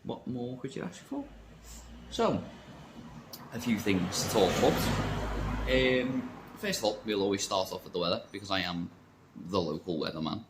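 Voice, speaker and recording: A man's voice: fairly low pitch, expressive, normal speed, pauses often, slight background noise. A man chatting casually in a vape shop vlog, rambling and joking about himself. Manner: rambling, jokey, self-mocking. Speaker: vape shop worker and vlogger.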